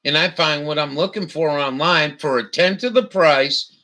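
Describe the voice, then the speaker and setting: A man's voice: fairly high pitch, normal speed, pushed and bright. A man from telling a profane, ranting story as a vlogger. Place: camper.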